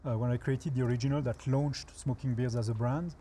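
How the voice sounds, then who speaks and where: A French man with a French accent appears as a guest chef on a TV talk show, speaking at a middle pitch and a brisk pace. He walks through the steps one by one with relaxed, dry humor. Faint hiss runs beneath the audio.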